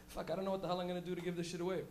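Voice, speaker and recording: A man performing stand-up comedy on a live club stage as the show's host. He talks in an animated, profane way, laughing often and shouting for effect. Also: high voice, background noise.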